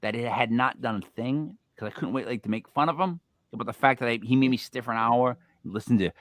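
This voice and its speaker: A man hosting a casual paranormal talk show, joking and telling stories with animated delivery. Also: mid-range voice, quick pace, no room sound. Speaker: podcast host. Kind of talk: casual chat.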